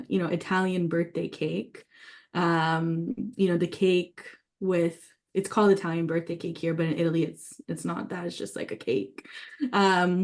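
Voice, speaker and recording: A woman's voice: on the low side, darkish tone. Eager woman leading a writing workshop. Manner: enthusiastic, thinking aloud with many fillers. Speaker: workshop leader.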